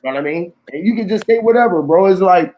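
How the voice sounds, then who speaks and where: Male storyteller, high voice, slangy and animated, plays out every quote in casual talk. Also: quick pace, a little hiss or hum, rough recording.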